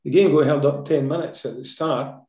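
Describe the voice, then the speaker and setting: A Scottish man, a former football manager, telling anecdotes in an interview, lively and often tagging his sentences with "eh?". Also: on the high side, brisk, roomy sound. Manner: lively storyteller, tags sentences with "eh?".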